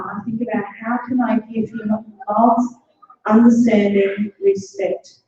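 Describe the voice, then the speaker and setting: A woman's voice: medium pitch, very echoey, recorded from a distance, highs cut off. A middle-aged woman giving an earnest motivational talk, repeating phrases for emphasis. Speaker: guest speaker.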